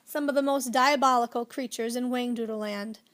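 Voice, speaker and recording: A woman voicing a fussy, excitable elderly male professor who speaks loudly and urgently in a children's storybook reading. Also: a little high, normal speed, lightly acted. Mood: warning. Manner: loud and urgent, easily flustered.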